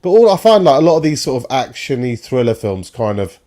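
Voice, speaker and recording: A man's voice: medium pitch, very animated, fairly quick, dark tone. Mid-voiced guy on a footy stream, dry sarcastic riffs, chatty. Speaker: co-host of a football watchalong stream. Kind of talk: casual chat.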